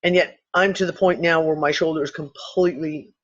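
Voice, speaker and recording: High-voiced man rambling through a theory. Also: steady tone, brisk, fairly bright tone. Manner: rambling, swears casually, thinks aloud with restarts. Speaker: podcast host. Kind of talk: casual speculative talk. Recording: dull lo-fi recording.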